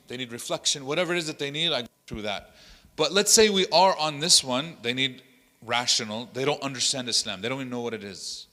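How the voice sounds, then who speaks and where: An imam leads a workshop with a bright, forceful voice, telling stories with energy and slipping Arabic phrases into his talk. He is recorded in the hall of an Islamic center, where the sound rings with a long reverb. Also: mid-range voice. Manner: animated, acts out quotes in other voices. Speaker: imam leading a dawah workshop. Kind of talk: workshop teaching with told stories.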